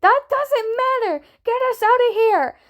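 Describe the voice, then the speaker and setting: A woman's voice: very high-pitched, expressive, unhurried, voice pushed up. A woman voicing a panicked, swearing young male pilot with a shaky British accent that drifts toward Irish.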